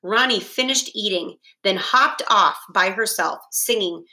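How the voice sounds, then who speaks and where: A woman reads a children's novel aloud in a steady, deliberate storytelling voice. She goes very slowly, and her tone is bright and forward. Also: medium pitch. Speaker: reader.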